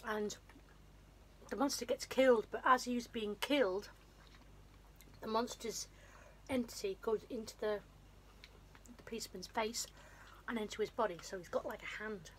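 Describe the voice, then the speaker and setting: A woman's voice: on the high side, moderate pace, long pauses. Woman vlogger with a runny nose, chatty and meandering, recorded at home with faint background noise. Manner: rambling, self-deprecating, with restarts. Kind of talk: casual film recap.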